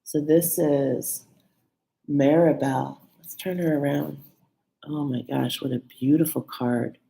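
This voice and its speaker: A woman with a low voice talks through a spiritual card reading in a relaxed, chatty way. She checks in with her listeners again and again and sounds moved at times. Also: takes it slowly, vocal fry, low-quality recording. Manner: warm, chatty, with fillers like "okay?" and "right?"; emotional, laughing and near tears at times. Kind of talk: casual live card reading.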